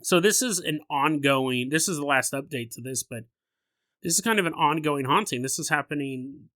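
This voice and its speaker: A male podcast host telling a story casually on a close mic, animated and laughing often as he riffs. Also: fairly high pitch, normal speed, no room sound.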